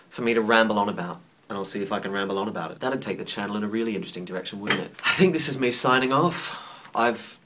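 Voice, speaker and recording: A man's voice: on the low side, a bit bright. A young man rambling casually to camera as a vlogger, chatty and playful with a self-mocking streak.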